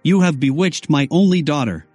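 A woman's voice: deep voice, normal speed, warm tone, breathy edge, dry recording, soft background music. A man voicing a bitter, vengeful warrior mother who grinds her words out, in an audiobook reading.

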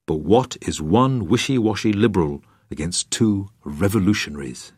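A man's voice: sits low, animated, moderate pace, a little mellow, breathy edge, no echo. An older English man reading his own memoir aloud, dry and wry, acting out the dialogue. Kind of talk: scripted narration.

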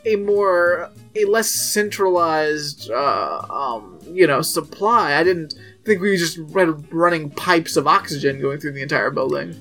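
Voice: medium pitch, animated, measured pace, few pauses, fairly bright tone, soft background music. A podcast co-host in casual chat, questioning and skeptical as they react.

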